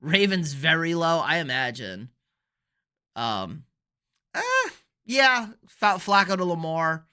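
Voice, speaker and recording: A man's voice: fairly high pitch, lively intonation, a little slow, sharp tone, clean tone. A young man hosting a live sports stream, chatting casually and rambling through football picks while answering viewer comments. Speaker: sports show host.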